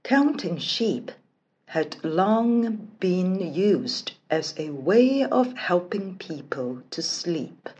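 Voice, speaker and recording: A woman narrates a fairy tale in a slow, deliberate bedtime-story reading. Her pitch moves freely and expressively across each sentence, and she takes plenty of time over every phrase. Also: lively intonation, a little mellow, muffled recording.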